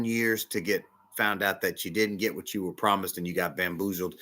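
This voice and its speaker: A man preaching a casual sermon as a bishop, emphatic, swinging between loud stresses and hushed asides. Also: low voice, steady tone, normal speed, few pauses.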